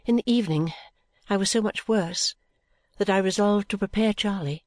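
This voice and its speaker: An audiobook narrator, a woman with a mid-range voice, gently reads a classic novel in the first person at normal speed. The recording is clean studio sound with no room sound.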